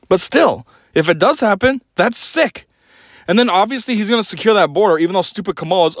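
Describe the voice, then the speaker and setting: A man's voice: on the high side, animated, fairly quick, no room sound. A young man hosting a podcast, delivering a blunt, sarcastic opinion rant. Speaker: podcast host.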